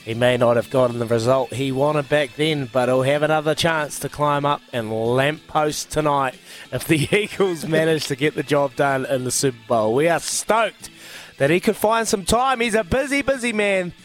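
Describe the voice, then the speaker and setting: A man's voice: fairly high pitch, moderate pace, faint music behind. A man hosting a radio show, playful and teasing in casual banter. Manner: playful, teasing, laughs easily.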